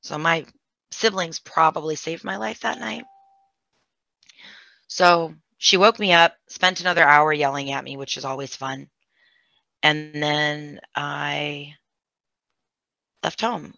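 A woman candidly recounting a painful family story in an emotional way, with vocal fry. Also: on the low side, normal speed, pushed and bright, no echo. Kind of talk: personal storytelling. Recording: dull, dry lo-fi sound.

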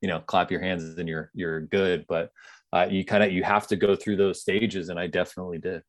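Deep-voiced man, earnest and reflective. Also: level tone, a little fast, dry recording, studio quality. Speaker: interview guest. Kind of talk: conversational interview.

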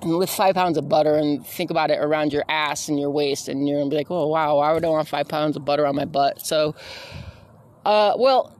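A woman's voice: sits low, fairly quick, a little mellow. A woman hosting her own podcast, talking casually while out on a walk, rambling with many fillers and self-corrections. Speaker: podcast host. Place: outdoors on a walk.

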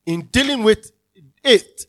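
High, bright-voiced man preaching a sermon. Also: animated, slow pace. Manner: emphatic, repeats key phrases, calls out to the congregation. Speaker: pastor.

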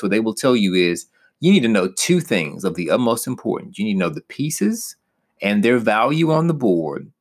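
A young man teaching as a pastor in an earnest, personal way, rising with emphasis on key points. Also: on the low side. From United States.

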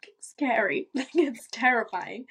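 A young woman with a British accent, a podcast guest who talks in an animated, reassuring way and laughs easily. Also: fairly high pitch, normal speed, breathy edge. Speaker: guest, content creator. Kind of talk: casual podcast conversation.

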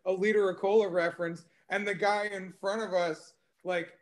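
A man's voice: high voice, flat delivery, moderate pace. A man co-hosting a podcast in casual chat. He is laid-back, swears freely and laughs often while telling stories.

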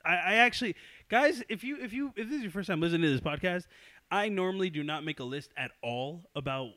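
A young man hosting a casual podcast chat, excitable and swearing often, breaking into loud laughter. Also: sits high, fast, no room sound. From New York. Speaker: podcast host.

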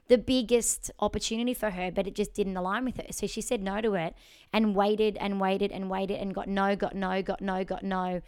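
Smooth-voiced woman hosting a chatty podcast. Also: medium pitch. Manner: upbeat storyteller, chatty and encouraging. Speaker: podcast host. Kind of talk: casual chat.

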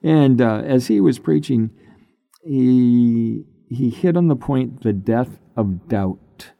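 An older man, a pastor, telling his personal testimony in an unhurried, halting way that turns emotional at times. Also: medium pitch, gravelly, no echo, highs cut off. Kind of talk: personal testimony, conversational storytelling.

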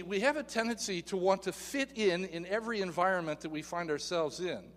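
A man preaching a sermon in a church, animated and putting questions to the congregation. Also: fairly high pitch, long reverb tail. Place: church sanctuary.

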